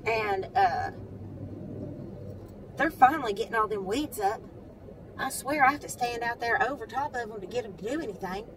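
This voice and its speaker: This is a casual storytelling vlog: a woman, a mother, parked outside a credit union, talks animatedly to the camera and acts out what others said in a high voice. Her pace is moderate with long pauses, and she sits far from the mic amid a noisy background.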